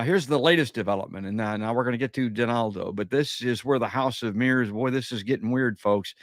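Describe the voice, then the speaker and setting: A man's voice: medium pitch, no room sound. Chatty male podcast host, dry sound. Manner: chatty, addresses listeners as folks, many uhs. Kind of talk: live call-in podcast, reading news and commenting.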